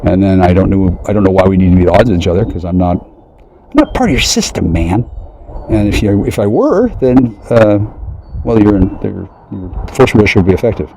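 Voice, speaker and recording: A man in a rambling, profane monologue who keeps breaking into mocking high voices. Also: lively intonation, fairly quick, background noise.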